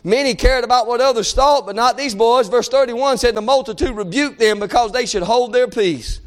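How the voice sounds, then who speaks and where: A male preacher giving a fervent sermon, breaking into shouts and dropping to hushed tones. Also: extremely high pitch, normal speed. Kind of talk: revival sermon.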